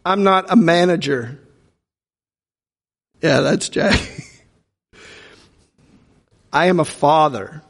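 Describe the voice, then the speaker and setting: A man's voice: a little high, very slow, pauses often, a bit bright. A male pastor preaching a sermon with humorous storytelling, acting out the voices of the people in his stories. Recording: long reverb from a large hall.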